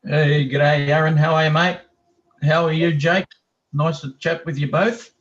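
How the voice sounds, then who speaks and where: Male caller, Australian accent, chatty and halting, muffled lo-fi call audio. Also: fairly high pitch, flat delivery. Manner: chatty, hesitant, lots of ums. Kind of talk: casual call-in chat.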